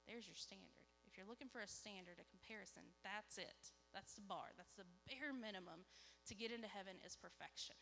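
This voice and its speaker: Bright-voiced woman telling a church testimony. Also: medium pitch, a little fast, gravelly, faint music behind. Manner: animated storytelling, acts out dialogue. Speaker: lay speaker giving a testimony. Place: church sanctuary. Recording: live church hall with reverb, faint hum.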